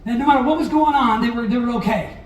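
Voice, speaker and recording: A man's voice: very high-pitched, fast. Guy pastor giving a chatty sermon, acts out the quotes, roomy hall mic kinda far off. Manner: conversational preaching with acted-out quotes. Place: church hall. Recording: roomy echo, heard from a distance.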